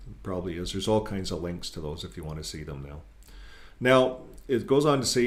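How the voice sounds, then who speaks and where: A man hosting his own channel, talking casually and earnestly, reading and commenting on articles, often repeating words and using fillers. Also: fairly low pitch. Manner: earnest, critical, grows emphatic when quoting. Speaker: channel host.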